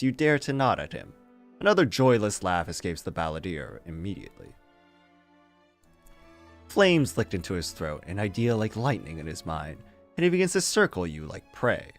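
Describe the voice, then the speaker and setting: A man's voice: lowish voice, no room sound. A man streaming, reading fanfiction aloud in a casual way with amused, disbelieving asides and frequent laughter. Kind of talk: casual read-aloud with commentary.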